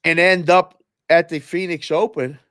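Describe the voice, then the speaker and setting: A man's voice: a little high, unhurried, dry recording, studio quality. A man, a former oddsmaker, chatting casually as a guest and telling stories animatedly. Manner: animated storyteller, acts out the people he quotes. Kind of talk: casual sports-betting chat.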